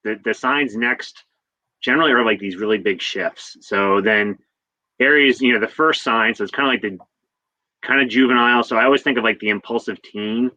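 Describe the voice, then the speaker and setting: A man's voice: mid-range voice, brisk, bright, forceful tone, no room sound, poor audio. A man as a guest astrologer, explaining signs casually in a loose, rambling way.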